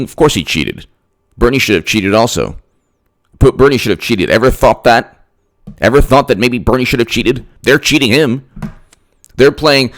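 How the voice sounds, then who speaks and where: A man giving emphatic political commentary straight to his audience, repeating himself and firing off rhetorical questions. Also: mid-range voice.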